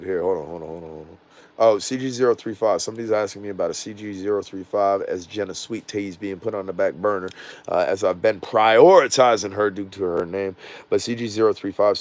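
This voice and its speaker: A middle-aged man with a low-pitched, darkish voice and a Southern US accent hosts a drone channel livestream. He's casual and loose, rambling along and laughing often.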